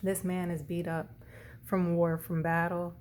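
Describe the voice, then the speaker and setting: A woman's voice: fairly low pitch, flat delivery, unhurried, darkish tone, a little hiss or hum. A woman doing a casual tarot reading, rambling and often correcting herself. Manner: rambling, self-correcting, tongue-tied. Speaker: tarot reader.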